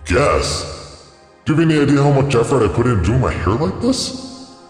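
An actor playing a huge, tick-like male dark god in a horror audio drama, sarcastic and petulant like an internet troll. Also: deep voice, a little slow, soft background music. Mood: vain, sulky. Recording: echoey hall reverb.

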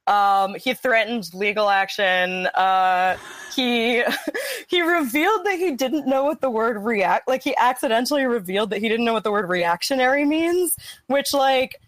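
A woman's voice: on the high side, expressive, a little slow, a bit bright, no echo. A young adult woman, a researcher on a podcast, chatting casually with frequent fillers and dry sarcasm. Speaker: guest, PhD researcher.

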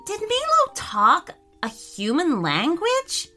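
A woman's voice: very high-pitched, wildly swooping pitch, takes it slowly, sharp tone, soft background music, voice pushed up, full character voice. A woman voicing a curious young boy who asks lots of questions.

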